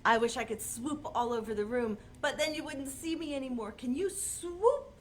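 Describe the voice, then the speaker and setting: A woman librarian reading a picture book aloud to small children, animated and coaxing, asking them questions, recorded on a webcam. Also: sits high, normal speed, a little hiss or hum. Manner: animated, sing-song, coaxing questions to kids.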